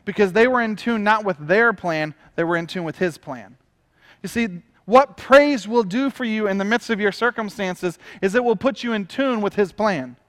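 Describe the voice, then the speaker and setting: A man's voice: sits high, moderate pace, fairly bright tone, big-room sound. A man preaching a sermon as pastor, emphatic and often repeating his phrases.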